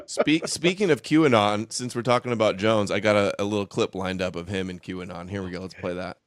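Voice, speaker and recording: A man hosting a casual political chat show, measured and a bit hesitant, repeating words as he thinks. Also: on the low side, clean tone, no room sound, studio quality. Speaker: podcast host.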